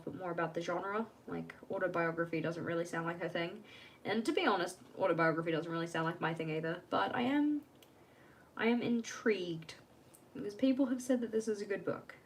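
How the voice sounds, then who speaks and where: A woman's voice: medium pitch, a little hiss or hum. A young woman chatting casually on a live stream from home while she works on her journal, rambling and laughing at herself.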